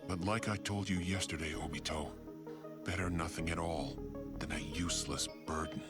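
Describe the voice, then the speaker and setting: Play a cold teenage boy ninja from an anime dub. Keep it low and flat, clipped and dismissive, with a music score underneath. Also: normal speed. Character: cold rule-bound teen boy ninja.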